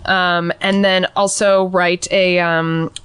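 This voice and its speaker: A young woman telling a story in a casual chat, acting out other people's lines in a higher voice. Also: slow, clear, resonant tone, dry recording. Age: young adult. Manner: animated, acts out quotes in a higher voice. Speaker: guest.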